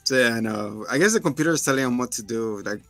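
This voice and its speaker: A man in casual chat retells a film with lots of swing in his voice. He jumps into quick voices for the characters as he goes. The recording is dry and close, with faint music underneath. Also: mid-range voice, dry recording. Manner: animated storytelling, puts on character voices. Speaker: podcast co-host. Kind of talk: casual movie review chat.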